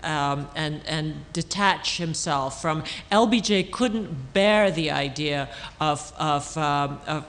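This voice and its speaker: A female author, her voice low, takes audience questions as a panelist during a public talk on an auditorium stage. She answers thoughtfully but haltingly, restarting often and using lots of fillers.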